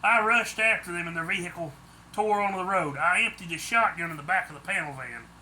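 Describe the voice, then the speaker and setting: A man's voice: high-pitched, a little fast, bright, forceful tone, a little hiss or hum. A man reading a first-person story aloud, plain delivery with some stumbles and restarts. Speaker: audiobook narrator.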